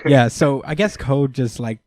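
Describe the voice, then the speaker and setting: A man's voice: medium pitch, a little slow, darkish tone, dry recording. A man hosting a podcast in casual chat, easygoing and agreeable, with lots of fillers. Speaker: podcast host.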